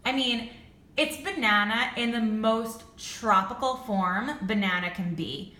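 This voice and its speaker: A young woman reviewing candles in a casual vlog, gushing and excitable, with lots of "like" fillers. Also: on the high side, measured pace, echoey room. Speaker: beauty and candle vlogger.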